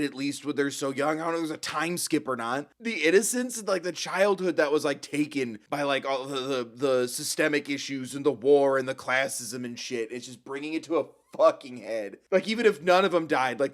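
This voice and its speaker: A man hosting a casual reaction video, his voice sitting at an ordinary middle pitch. He talks in an emotional, rambling way, restarting his sentences, stammering, and dropping curses. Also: normal speed, hardly any pauses.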